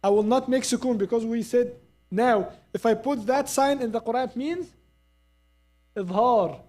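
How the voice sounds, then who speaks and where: With a mid-range voice and dark tone, a Quran recitation teacher runs a live class in a mosque. Example sounds are repeated slowly, with regular check-ins with the students.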